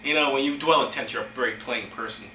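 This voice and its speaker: A man hosting a comedy show, reading scripture in a hammy, mock-solemn way with deadpan asides. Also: mid-range voice, quick pace, roomy sound, a little hiss or hum, low-quality recording. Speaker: host.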